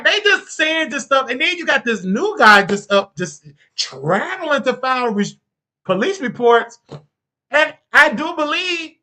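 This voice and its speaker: A commentary host talking on a live stream, emphatic and repetitive, with big swings in pitch and loudness.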